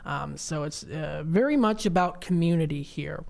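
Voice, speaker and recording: A woman hosts a local radio shopping show from the studio. She talks in a casual, rambling way, full of fillers, as she reads listings off websites. Her voice sits a bit low for a woman. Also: normal speed, vocal fry, darkish tone.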